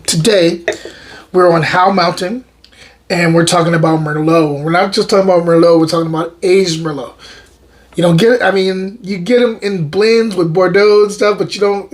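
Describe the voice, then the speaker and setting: Upbeat man reviewing wine. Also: on the high side. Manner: relaxed and enthusiastic, repeats words, frequent "um". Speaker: wine reviewer and show host. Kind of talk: casual wine tasting review.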